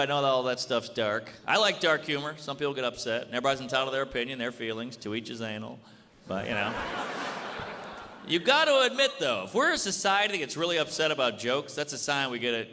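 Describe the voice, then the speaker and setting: A man doing stand-up comedy, brash and deadpan, acting out quick back-and-forth exchanges on stage. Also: mid-range voice. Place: comedy club stage before a live audience. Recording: live club recording with reverb and crowd.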